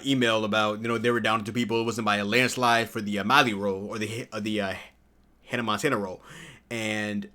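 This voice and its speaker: A man in his early twenties giving a casual, excitable video review, full of slang and sudden high-pitched exclamations. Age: early 20s. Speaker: TV show reviewer.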